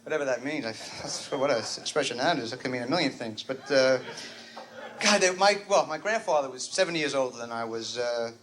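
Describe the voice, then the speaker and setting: A man's voice: mid-range voice, a little fast, a crowd in the background. A man doing a rambling, neurotic stand-up comedy routine, interrupting himself. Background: audience laughter.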